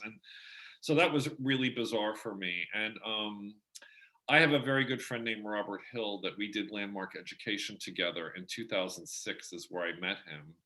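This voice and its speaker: Bright-voiced storytelling man. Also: on the low side, normal speed. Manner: animated, acts out quoted voices. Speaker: guest. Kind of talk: casual interview storytelling.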